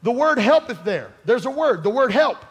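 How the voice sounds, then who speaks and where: A pastor with a drawl preaches a fervent sermon in a notably high, husky, sing-song voice at normal speed. He addresses his congregation directly with casual asides, rising to shouting at the peaks.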